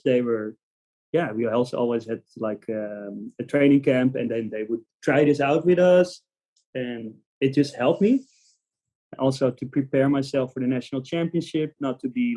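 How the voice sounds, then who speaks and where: Dutch man telling stories, mellow voice. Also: medium pitch. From Netherlands. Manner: animated storytelling with frequent fillers and laughs. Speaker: podcast guest, slackliner. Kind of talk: casual interview chat.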